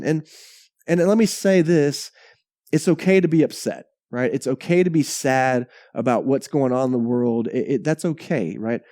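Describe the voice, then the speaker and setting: A male pastor preaching a sermon in a conversational, animated way, often pausing to ask "right?". His voice is mellow and medium in pitch. The sound is dry and close. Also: dry recording.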